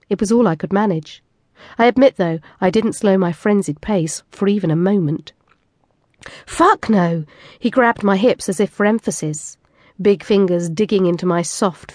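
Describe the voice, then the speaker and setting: A woman's voice: medium pitch, no room sound, clean studio sound. Intimate woman narrating an erotic story. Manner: intimate, expressive. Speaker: audiobook narrator. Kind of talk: scripted first-person narration.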